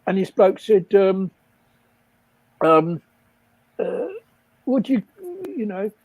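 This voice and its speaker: A man's voice: high-pitched, animated, slow pace, darkish tone, no room sound, poor audio. An older man casually telling rambling stories, laughing often at his own jokes. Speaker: guest storyteller.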